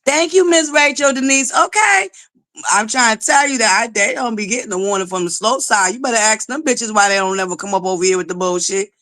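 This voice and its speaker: A loud, belligerent woman hosting a live chat stream. Her voice is bright and forceful. She curses constantly, greets viewers by name and keeps demanding likes. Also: on the high side, a little fast. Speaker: livestream host. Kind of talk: profane live-chat commentary.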